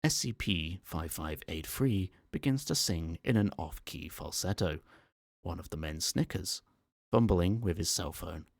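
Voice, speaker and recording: A man reading a horror story aloud as an ASMR narrator, calm, measured and matter-of-fact, on a close microphone. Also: low voice, vocal fry, no room sound.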